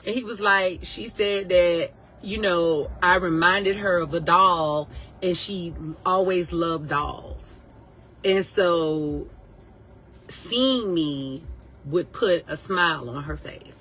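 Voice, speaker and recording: A woman in her thirties, a nurse, telling a personal story casually to viewers, animated and emotional, acting out what others said. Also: on the low side, takes it slowly, a little hiss or hum, rough recording. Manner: animated, emotional, acts out quotes.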